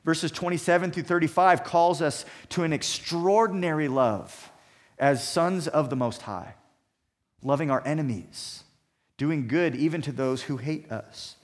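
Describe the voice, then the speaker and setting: A man preaching a sermon, emphatic and measured, building points through repeated phrases. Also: fairly high pitch. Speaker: pastor.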